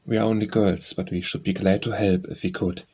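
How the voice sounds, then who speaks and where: A frank, eager teenage girl in a storybook, quick and direct in her speech, read by a man. The voice stays low and slightly husky. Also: fairly even intonation, darkish tone.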